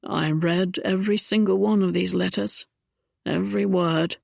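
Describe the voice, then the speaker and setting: A woman's voice: on the low side, fairly even intonation, normal speed, creaky, a little mellow, dry recording, clean studio sound. A woman voicing a charming, roguish young Regency duke in an audiobook, speaking wryly and then earnestly.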